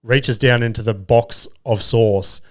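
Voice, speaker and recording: A man's voice: medium pitch, takes it slowly. A young Australian man hosting a podcast, telling casual stories with lots of swearing and voiced quotes. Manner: swears freely, animated retelling with voiced quotes. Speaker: podcast host. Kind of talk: casual storytelling.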